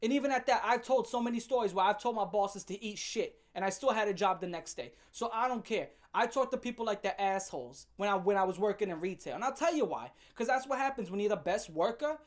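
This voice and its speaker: A commentary channel host, this woman delivers a comedic rant in a mid-range voice with lively intonation. She's blunt and fast-shifting, swearing heavily and piling on slang.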